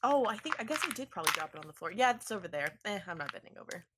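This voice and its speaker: A woman's voice: medium pitch, sing-song, rapid-fire, very noisy. A woman narrating a tabletop game as game master, in a rambling, playful way.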